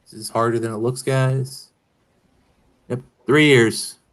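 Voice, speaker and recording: A man's voice: mid-range voice, fairly even intonation, slow pace, a bit bright. A man hosting a casual whiskey-tasting livestream, rambling and hedging with frequent self-corrections. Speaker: host of a whiskey review stream.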